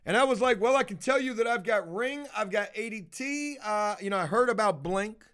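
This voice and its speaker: High-voiced man telling a profane story. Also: expressive, a little fast, fairly bright tone, clear, resonant tone. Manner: profane, conversational, retells dialogue with many fillers. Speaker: vlogger telling a personal story. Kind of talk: casual storytelling monologue.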